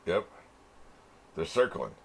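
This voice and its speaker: A man with a very low voice talks through an episode as he watches, musing aloud in loose reaction commentary. He drops casual swears and chuckles as he goes. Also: big pitch swings, takes it slowly, gravelly, a bit bright, husky. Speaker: anime reaction channel host.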